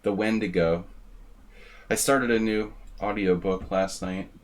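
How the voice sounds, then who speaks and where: A man's voice: on the low side, steady tone, measured pace. Chatty male chess streamer, rambling. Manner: chatty, rambling, thanks viewers by name. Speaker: chess streamer hosting a simul. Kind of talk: casual live-stream chat.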